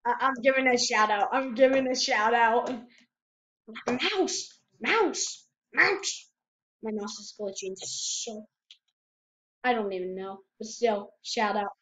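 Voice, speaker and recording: A woman giving casual gameplay commentary at her computer, excitable and prone to repeating herself. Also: on the high side, a little slow. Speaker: gamer. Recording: dull lo-fi home mic.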